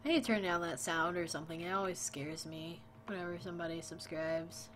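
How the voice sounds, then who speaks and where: A woman's voice: on the low side, steady tone, fairly quick, a bit bright, slight background noise. Tired woman chatting on a game stream. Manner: sleepy, chatty, talks to chat and her dog. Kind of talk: casual gaming stream chat. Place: home, late at night.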